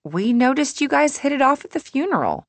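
A woman's voice: sits high, sing-song, a little fast, dry recording, pitched above the performer's own voice. A woman voicing an earnest young woman friend. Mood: pressing. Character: young adult woman friend, defensive then apologetic.

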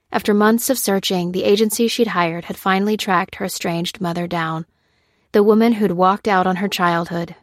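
A woman narrates an audiobook from a script, her fairly low voice steady and measured as she tells the story. The recording is clean and dry, with studio quality.

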